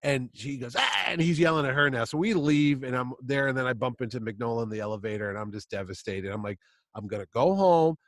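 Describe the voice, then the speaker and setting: A man's voice: medium pitch, fast, few pauses, dry recording. A man in his fifties hosting a podcast, telling a long story in casual chat and acting out the quotes. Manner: animated storyteller who acts out quotes. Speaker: podcast host.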